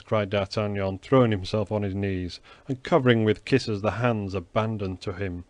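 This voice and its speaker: A man narrating a classic novel as an audiobook in a measured, even way. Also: lowish voice, dry recording. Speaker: audiobook reader. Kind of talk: scripted narration.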